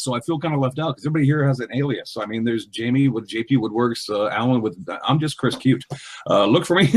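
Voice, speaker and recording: A man co-hosting a casual podcast over a remote connection. His voice is a little husky, and he talks animatedly, stumbling through ums and restarts with frequent laughter. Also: mid-range voice. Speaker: podcast co-host.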